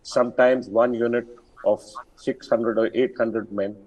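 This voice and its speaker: Older army general, heard from afar. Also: male voice, mid-range voice, steady tone, measured pace, darkish tone. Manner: firm, emphatic, with frequent fillers and restarts. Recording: distant from the mic.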